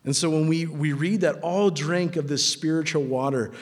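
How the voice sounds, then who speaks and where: A man preaching a sermon in a casual, animated way, acting out quotes in lively voices. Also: on the high side, moderate pace, hardly any pauses. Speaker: pastor. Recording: long hall reverb.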